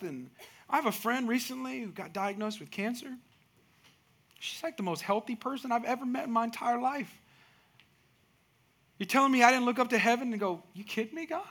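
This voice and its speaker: A male pastor delivers a sermon in a high, bright voice. He tells everyday stories and builds them into emphatic outbursts. He sounds middle-aged. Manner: storytelling with rising emphatic outbursts.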